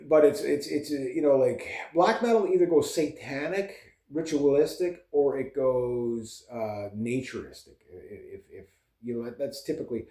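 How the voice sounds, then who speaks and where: A man's voice: medium pitch, warm tone, reverberant. A man, a vlogger and musician, chatting casually and rambling between topics with lots of fillers and restarts. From Canada.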